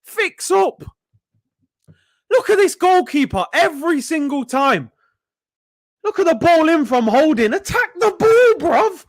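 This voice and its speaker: A young man hosting a live football watchalong, reacting excitedly and yelling at the players. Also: extremely high pitch, measured pace, long pauses. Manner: excitable, shouting at players, frequent outbursts. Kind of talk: live match reaction commentary.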